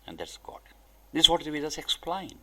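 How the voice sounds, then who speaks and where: A man giving a spiritual discourse, speaking deliberately in short emphatic phrases. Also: a little high, big pitch swings, background noise. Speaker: spiritual teacher.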